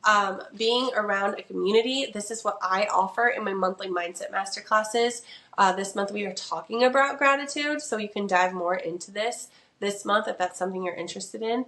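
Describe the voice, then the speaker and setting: A woman's voice: mid-range voice, normal speed, a bit bright. Earnest chatty woman in an echoey room. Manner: chatty, earnest, full of "like" and "right". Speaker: podcast host. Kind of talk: casual faith and mindset talk.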